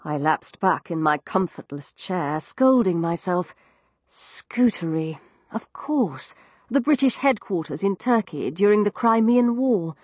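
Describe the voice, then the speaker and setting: A woman narrating a first-person novel as an audiobook, crisp and expressive. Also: mid-range voice, unhurried, no room sound. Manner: expressive and crisp, with lively storytelling inflection.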